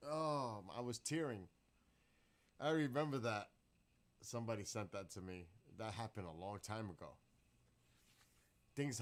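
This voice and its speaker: A man's voice: mid-range voice, fairly bright tone. A man chatting casually on a live stream, rambling, swearing freely and bursting into laughs. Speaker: livestreamer.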